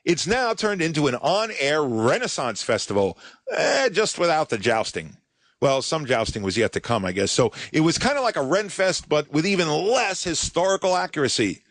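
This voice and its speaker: A male podcast host narrating a scripted story with a dry, sardonic wit. His pitch rises and falls in lively swoops. The recording is close and dead, with no room sound at all. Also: moderate pace, no room sound.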